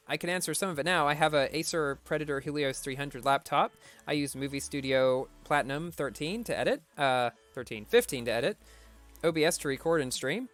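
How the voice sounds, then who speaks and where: A man's voice: a little high, a bit bright. A man streaming a racing game, reading viewer questions aloud and answering them briefly in a casual tone.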